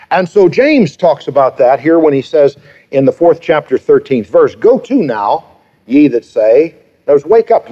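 A man in his fifties preaches with emphatic force, pressing points home with rhetorical questions and repetition. His voice sits somewhat high for a man. The recording is dull and lo-fi. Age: 50s. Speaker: pastor. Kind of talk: sermon.

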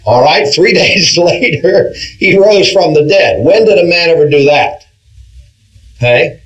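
A man's voice: on the high side, animated, unhurried, low-quality recording. A man teaching an interactive Bible class, asking his group questions and stressing key words, with frequent restarts. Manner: questioning, emphatic, with frequent restarts and "all right".

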